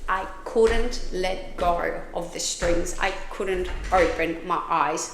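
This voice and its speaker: A woman's voice: lowish voice, takes it slowly, creaky, reverberant, background noise. A woman hosting a podcast, telling her own story in a frank, candid way, swearing freely and often restarting her sentences. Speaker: podcast host.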